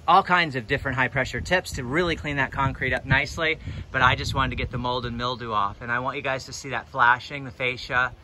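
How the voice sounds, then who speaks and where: A man who runs a pressure washing business films himself as he walks around a house outdoors, giving a casual, chatty walkthrough vlog full of ums and uhs. His plain-spoken voice is medium in pitch, pushed and bright, with a little hiss or hum in the audio.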